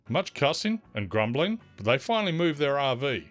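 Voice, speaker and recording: A man's voice: mid-range voice, big pitch swings, normal speed, a bit bright. A man reading out an online forum story in scripted narration, with wry, teasing asides. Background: faint music.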